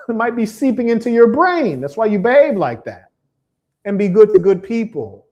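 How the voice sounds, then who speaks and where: A man's voice: high voice, very animated, moderate pace, warm tone. Combative man preaching on a livestream. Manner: preachy, combative, emphatic repetition. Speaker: live stream host. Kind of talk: livestream monologue reading viewer comments.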